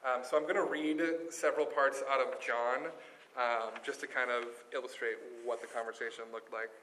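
A man's voice: mid-range voice, fairly even intonation, moderate pace, pushed and bright, a little hiss or hum. A man giving a casual Bible teaching, chatty and loose, with lots of fillers. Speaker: Bible talk speaker. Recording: roomy echo.

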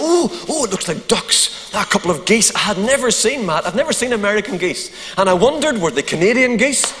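Northern Irish male pastor, high-pitched, humorous storyteller, hall reverb. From Northern Ireland. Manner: animated, humorous anecdote with asides to the crowd. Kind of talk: sermon storytelling.

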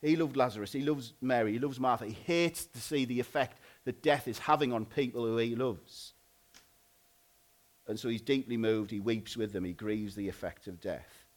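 A married man preaching a sermon in a loose, conversational way, often pausing and restarting. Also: medium pitch. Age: adult, married. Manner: informal, conversational, frequent "like" and restarts.

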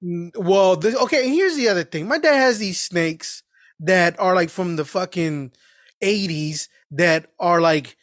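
A young man hosting a podcast, telling a profane, animated story in a casual chat and acting out the people in it. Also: high voice, a little slow, no echo, clean studio sound. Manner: profane, animated storyteller who slips into quoted voices. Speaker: podcast host.

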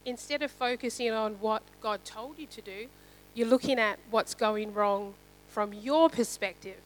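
Woman preaching, kinda high voice, casual and chatty, keeps saying right?. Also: a bit bright, slight background noise, rough recording. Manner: conversational, asks "right?" often, some fillers. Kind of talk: sermon.

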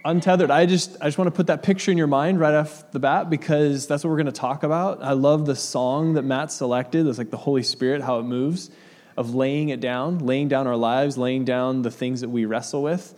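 A man's voice: medium pitch, moderate pace. A man giving a casual sermon to a congregation, chatty and laid-back, joking and reading scripture aloud. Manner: relaxed, chatty, laughs easily with the congregation. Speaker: pastor. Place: church hall with audience. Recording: long hall reverb.

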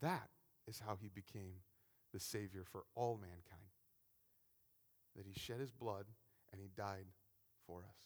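A man preaching a sermon, animated, often repeating words and acting out the people he quotes. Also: fairly low pitch, measured pace, long pauses.

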